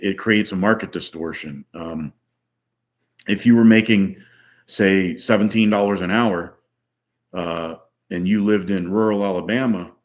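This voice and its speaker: A man in his sixties ranting with strong opinions, rambling with many pauses and restarts. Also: on the low side. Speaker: vlogger. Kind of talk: solo opinion rant.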